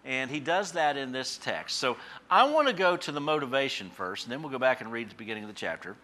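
Folksy middle-aged preacher with a bright voice. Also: male voice, mid-range voice, very animated, fast talker. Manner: folksy, storytelling, loose with fillers and restarts; punches key phrases by suddenly raising his voice. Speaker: pastor and Bible teacher. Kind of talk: conversational radio sermon.

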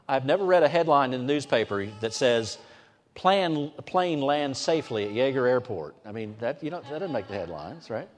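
A man preaching a sermon as pastor, swinging from loud emphatic lines to hushed ones. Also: medium pitch. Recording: long hall reverb.

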